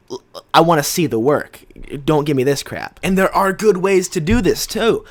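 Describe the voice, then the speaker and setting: A man's voice: on the high side, moderate pace. A young man giving an opinionated, argumentative commentary on rap lyrics and quoting lines as he goes. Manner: animated and argumentative, quotes lyrics. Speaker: music commentator.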